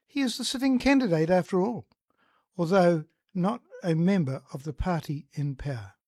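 A presenter with a New Zealand accent talks in an easy, conversational way, with the odd filler. The voice sits at a middle pitch and sounds dry and close to the mic. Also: moderate pace, darkish tone, dry recording. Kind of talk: casual explanatory talk.

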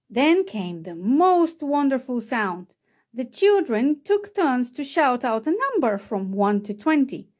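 Lively high woman reading a storybook. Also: slow. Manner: lively, expressive voices for each character. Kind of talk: children's storybook read-aloud.

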